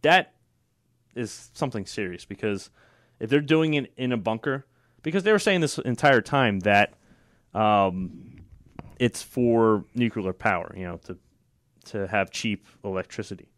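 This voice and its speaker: A man's voice: lowish voice, expressive, a little slow, long pauses, fairly bright tone, dry recording, studio quality. A man hosting a political talk show, opinionated and sarcastic, with frequent fillers and restarts. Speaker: radio show host.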